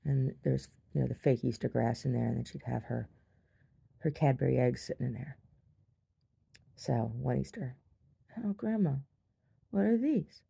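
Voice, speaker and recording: A woman telling a rambling story in her video diary, chatty and quick to laugh, often repeating herself. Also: a bass voice, fairly even intonation, vocal fry, dark tone, breathy edge. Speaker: video diarist. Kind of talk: casual storytelling to camera.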